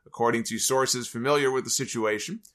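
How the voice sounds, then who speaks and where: A man hosting a podcast tells a story in casual commentary, wandering into joking asides and restarting his sentences. His pitch sits mid-range for a man. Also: steady tone, brisk, a bit bright. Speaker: podcast host.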